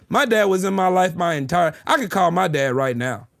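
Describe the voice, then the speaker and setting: High, mocking streamer man, cackling. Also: expressive, fairly quick, gravelly, fairly bright tone, dry recording, studio quality. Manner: taunting, mocking, laughing hard; repeats phrases over and over. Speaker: livestreamer. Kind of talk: live stream trash talk.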